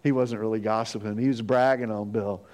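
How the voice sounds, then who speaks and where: A middle-aged man preaching a sermon as pastor, conversational and animated, acting out quotes as he goes. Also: on the low side, a little fast.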